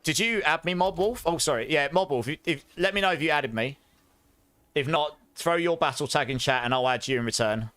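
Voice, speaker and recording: A man's voice: a little high, fairly quick, a bit bright, no echo. A young man hosting a live game stream, chatting upbeat with viewers and calling out giveaway winners. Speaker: streamer host.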